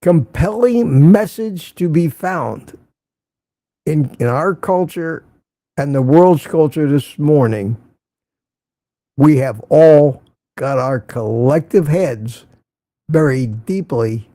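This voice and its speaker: A man's voice: fairly high pitch, lively intonation, slow, long pauses, mellow, no echo. An older man hosting a casual morning livestream, greeting viewers by name and rambling sarcastically. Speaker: livestream host.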